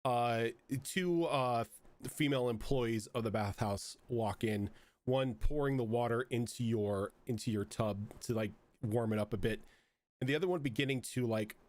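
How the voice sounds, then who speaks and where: A man's voice: mid-range voice, moderate pace, a little mellow. A man narrating as game master of a tabletop game, rambling with frequent fillers.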